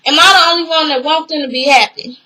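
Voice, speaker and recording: A young woman casually recapping a TV episode, retelling scenes with animated quotes and swearing freely. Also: high-pitched, quick pace, rough recording.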